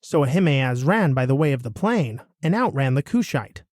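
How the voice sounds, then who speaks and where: A man reading a Bible passage aloud in a steady, expressive way. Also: mid-range voice, normal speed, dry recording, studio quality. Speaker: scripture reader.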